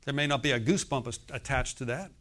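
Quick-paced and fairly bright in tone, this medium-pitched pastor in his sixties delivers a forceful sermon. Again and again he asks the congregation questions and waits for them to answer.

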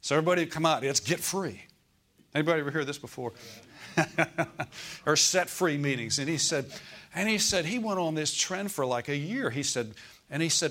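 A man's voice: fairly high pitch, lively intonation, moderate pace, fairly bright tone. A middle-aged man preaching a sermon, repeating phrases for emphasis and asking his listeners for amens.

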